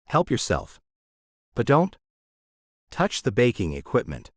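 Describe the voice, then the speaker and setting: Guy voicing a grumpy short-spoken baker dude in an audiobook, pitch moves a lot. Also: huge pitch swings, unhurried, no room sound, clean studio sound. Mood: curt. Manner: curt, gruff. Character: grumpy gruff young man baker. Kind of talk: audiobook character voice.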